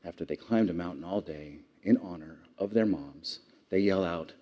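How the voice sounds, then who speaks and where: A man's voice: low-pitched, normal speed, dark tone. A man giving an earnest public speech, telling stories and asking the audience questions. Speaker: award speaker.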